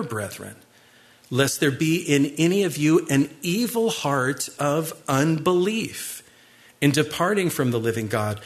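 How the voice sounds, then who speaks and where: A male preacher delivering a sermon at a middle pitch. He talks with lively conversational asides and leans harder into key points with a lifted, louder voice. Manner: animated, rising in pitch and volume for emphasis.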